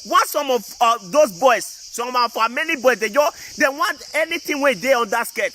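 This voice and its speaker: A man's voice: extremely high pitch, expressive, moderate pace, pushed and bright, slight background noise. A man with a Nigerian Pidgin English accent, ranting to his viewers in a casual, emphatic and repetitive way. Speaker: vlogger. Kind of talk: casual political rant to viewers.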